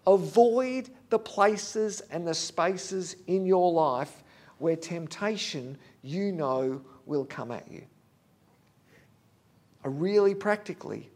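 A man preaching a sermon, earnest and candid, talking plainly to the congregation with fillers. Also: sits high.

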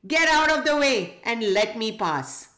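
A woman's voice: a little high, lively intonation, measured pace, bright, forceful tone, echoey room. A woman voicing a big, arrogant male puma who roars and sneers at a small insect. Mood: mocking. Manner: roaring and scornful.

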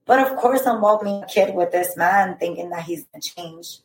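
Woman guest in her thirties, mid-pitched, recounting her past in halting bursts, roomy sound. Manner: earnest, halting retelling with frequent "like" and "I remember". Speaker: podcast guest. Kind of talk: personal storytelling. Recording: roomy echo.

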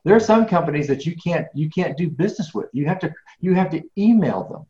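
A man's voice: fairly high pitch, expressive, fast, mellow. A middle-aged man speaking as an interview guest, emphatic and full of restarts and repeated words. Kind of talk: conversational interview. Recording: echoey, dull lo-fi sound.

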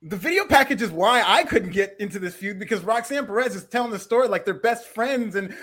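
A man co-hosting a podcast, talking excitedly and joking about wrestling in casual chat. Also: high-pitched, fairly quick, few pauses, husky. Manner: excitable, jokey, laughs often. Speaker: podcast co-host.

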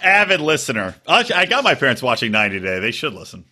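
A man co-hosting a podcast in casual, profane chat, animated and full of voices. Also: quick pace, breathy edge. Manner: animated, profane, mimics people in high voice. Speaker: podcast co-host.

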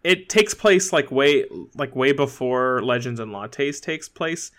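A man co-hosting a podcast in casual chat, talking with lots of fillers and restarts and quick laughs. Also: medium pitch, lively intonation, a bit bright. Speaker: podcast co-host.

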